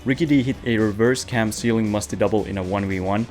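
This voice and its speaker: A man's voice: on the low side, fast, darkish tone, soft background music. A young man hosting a casual gaming news roundup, joking and poking fun at himself as he talks into a webcam. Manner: playful, jokey, self-mocking. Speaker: host of a game news show. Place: away from home.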